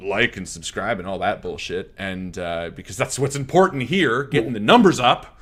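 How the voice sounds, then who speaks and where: A man's voice: on the low side, normal speed, fairly bright tone. A man hosting a comedic online show, with hammy announcer flourishes and crude joking asides. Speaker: host.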